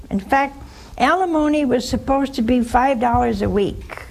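A woman's voice: a little high, moderate pace, creaky, darkish tone, slight background noise. An older woman, a nun, giving a spiritual talk with personal stories, plain-spoken and speaking straight to her listeners. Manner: plain-spoken, storytelling, addresses listeners directly.

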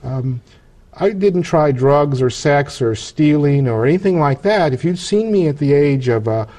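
A man, an interview guest, telling a personal testimony in an earnest, halting way, often restarting his sentences. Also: fairly high pitch, lively intonation, mellow.

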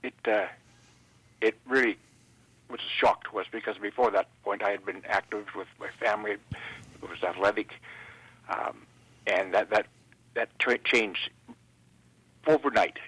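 A man from Canada, a guest in an interview, speaking haltingly with many fillers and restarts. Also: lowish voice, a bit bright, slightly rough, no echo, low-quality recording.

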